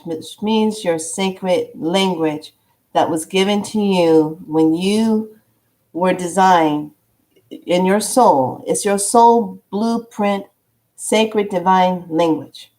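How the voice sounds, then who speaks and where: A woman vlogger telling a spiritual story in a casual, animated way, acting out the dialogue as she goes. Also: on the low side.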